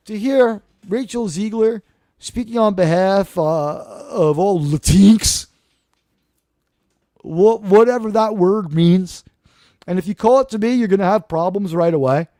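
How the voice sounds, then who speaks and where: A high-pitched man holds forth on his live stream, rambling, brash and ready to curse. His voice sits close and dry on the mic, with no room sound around it. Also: dark tone, dry recording. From New York, USA. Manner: rambling, brash, quick to swear. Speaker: live-stream talk show host. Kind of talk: casual live-stream monologue.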